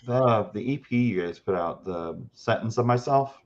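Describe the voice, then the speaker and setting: A man's voice: lowish voice, expressive, normal speed, a little hiss or hum. A man co-hosting a podcast, asking questions in a thoughtful way full of likes. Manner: filler-heavy, thoughtful. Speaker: podcast co-host. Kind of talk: casual podcast interview. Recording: dull lo-fi sound.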